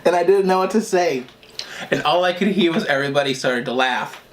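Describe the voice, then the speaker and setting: A man vlogger recounts a childhood story between bites, circling back and restarting his sentences as he goes. His voice sits a touch high, and he chuckles at his own tale. Faint clinks of cutlery and dishes sit underneath. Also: a little fast, a little hiss or hum. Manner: rambling, restarts often, laughs at own story. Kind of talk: storytime while eating.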